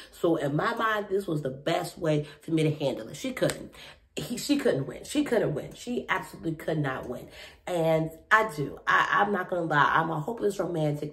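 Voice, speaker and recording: Low-voiced woman chatting through a recap. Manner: slangy, chatty, expressive. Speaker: reality TV recap host. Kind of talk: casual episode recap and reaction.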